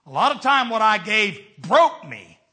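Preacher guy mid-aged, high voice that jumps all over, storytelling sermon. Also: a little slow. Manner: animated, swinging from shouts to hushed tones. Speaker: traveling evangelist preacher.

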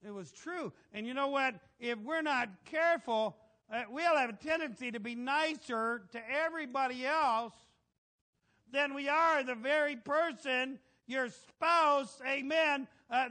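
A middle-aged man preaching a folksy, animated sermon, asking the congregation for amens. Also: extremely high pitch.

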